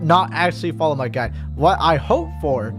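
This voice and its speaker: A man delivering a mock how-to comedy monologue, sarcastic with a lot of deadpan. His pitch jumps widely between low mutters and high bursts, with faint music underneath. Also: moderate pace. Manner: sarcastic, deadpan then suddenly animated. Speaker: comedy vlogger.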